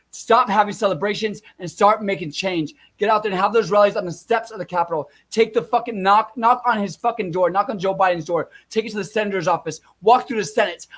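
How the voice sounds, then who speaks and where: A young man vents at his viewers in a furious, swearing rant, circling back to the same points. His voice sits high and often jumps up as he shouts. He keeps talking to the audience directly. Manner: furious, profane, shouting and repeating himself. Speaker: vlogger. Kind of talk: angry rant to camera.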